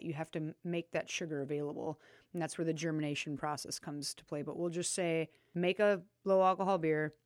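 A woman's voice: on the low side, no echo, studio quality. A woman chatting casually as a co-host, explaining things with lots of fillers and little laughs. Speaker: co-host talking about drinks. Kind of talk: casual chat.

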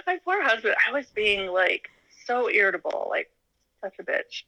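A woman's voice: medium pitch, unhurried, creaky, dry recording, low-quality recording. A woman from Alaska, a podcast guest, telling her personal story casually and acting out what people said, with frequent laughter. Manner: animated, laughs often, acts out quoted dialogue. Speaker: interview guest.

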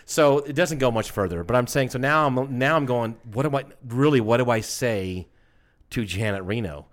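A man's voice: medium pitch, normal speed. A man co-hosting a podcast, rambling through a dream story in casual chat. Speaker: podcast co-host.

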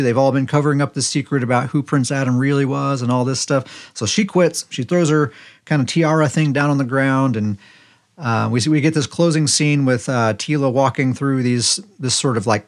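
A man in an easygoing podcast chat, retelling a story at an ordinary middle pitch. He strings scenes together loosely and drops in brief quoted lines as he goes. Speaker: podcast co-host. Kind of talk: casual recap chat.

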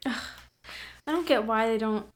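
A woman's voice: a little high, moderate pace. A woman chatting casually about a novel with a friend, sometimes reading passages aloud. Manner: reads passages aloud, animated. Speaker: co-host. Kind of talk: casual book discussion.

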